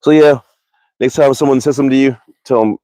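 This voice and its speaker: A man's voice: medium pitch, steady tone, fast, warm tone, dry recording. A man chatting casually on a live stream about archery, rambling, swearing freely and correcting himself mid-sentence, recorded in a backyard. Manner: rambling, profane, self-correcting. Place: backyard outdoors.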